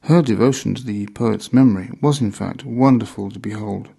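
A man reading a memoir aloud in measured, deliberate scripted narration. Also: lowish voice, vocal fry, warm tone, slightly rough.

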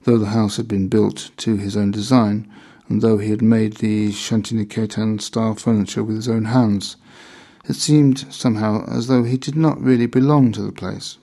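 A man reading a memoir aloud in measured, deliberate scripted narration. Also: fairly low pitch, little pitch movement, dark tone.

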